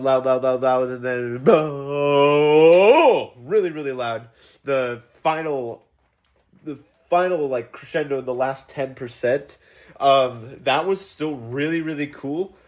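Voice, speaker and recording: A man giving casual spoken feedback on a choir rehearsal, rambling with many fillers and restarts, enthusiastic about musical detail. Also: medium pitch. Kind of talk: casual spoken critique and explanation.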